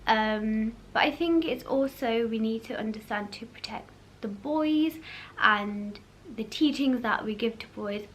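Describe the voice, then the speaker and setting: A young woman talks to camera in a light, fairly high voice that jumps up brightly when she gets animated. Her chat is loose and friendly, full of fillers and quick laughs, with a faint room hum behind her. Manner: chatty, lots of fillers and laughter. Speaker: vlog host.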